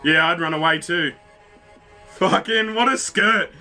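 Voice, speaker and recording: A man hosts a reaction video, with a high, very bright and cutting voice. He is excitable, swears freely and talks straight at the screen, with faint music under him. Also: measured pace, gravelly. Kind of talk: casual reaction commentary.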